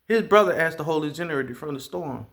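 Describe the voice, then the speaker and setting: Brief: a man with a slightly high voice, telling stories straight to camera, loose, profane and animated. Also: fast, gravelly. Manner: profane, animated, with sound effects. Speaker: vlogger. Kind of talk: casual storytelling monologue.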